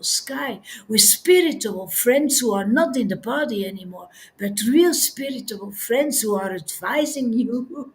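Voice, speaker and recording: A woman with a high voice gives a devotional talk at an unhurried pace. She laughs often as she speaks, and her delivery turns tearful and effusive. She speaks like a spiritual teacher addressing followers. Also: expressive.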